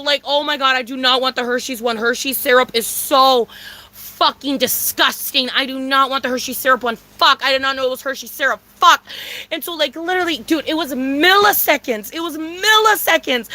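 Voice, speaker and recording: Young woman vlogger with a Mexican Spanish accent: rapid, higher-pitched profane rant, squealing self-quotes. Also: sharp tone, low-quality recording. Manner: profane, dramatic, quoting herself in high squeals. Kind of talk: casual storytime rant.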